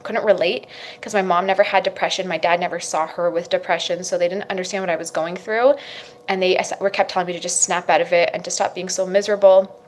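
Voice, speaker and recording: A young woman, a mother, candidly telling her personal story to camera, with frequent fillers. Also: on the low side. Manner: candid, emotional at times, many fillers like "like".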